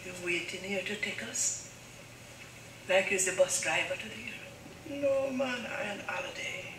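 A man's voice: sits high, fairly even intonation, a little slow, bright, forceful tone, far from the mic, heavily acted. A man playing an easygoing character with a put-on island accent, heard in a noisy, echoey movie clip. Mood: offhand.

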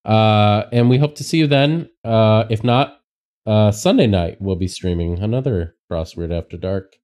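A man co-hosting a livestream, chatting casually while solving a crossword, relaxed and halting with many fillers. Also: lowish voice. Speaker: streamer co-host.

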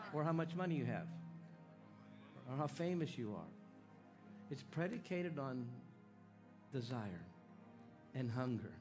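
A man preaching at a church healing meeting, folksy and exhorting, calling out to the crowd. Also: fairly high pitch. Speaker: evangelist leading a healing meeting. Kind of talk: sermon with audience call-and-response. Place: church sanctuary with worship music. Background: music playing.

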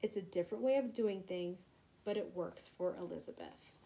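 A woman reading a children's storybook aloud in a gentle, expressive way. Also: on the low side, normal speed, vocal fry, poor audio. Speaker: reader.

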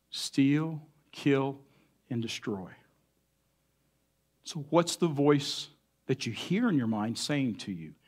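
Man, pastor, earnest sermon, fairly high voice, pauses, rises and drops in volume. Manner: earnest, pausing, varies loudness for emphasis.

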